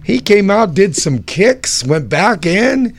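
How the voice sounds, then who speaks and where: A man's voice: high-pitched, takes it slowly. A man telling wry backstage stories from the events he organized in a casual chat. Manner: animated, wry storyteller. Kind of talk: anecdotal storytelling.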